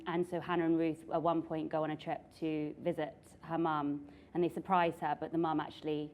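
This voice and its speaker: A woman co-hosting a live podcast in a theatre, telling stories in an animated way, apologetic and quick to laugh. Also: sits low, muffled recording. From England. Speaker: podcast co-host and novelist. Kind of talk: casual chat at a live podcast recording. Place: theatre stage before a live audience.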